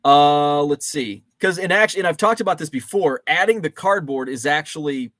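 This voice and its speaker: A man's voice: fairly high pitch, normal speed, a bit bright, no room sound. A man in his forties hosting a casual rambling monologue, thinking aloud with fillers and restarts. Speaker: show host. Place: home basement.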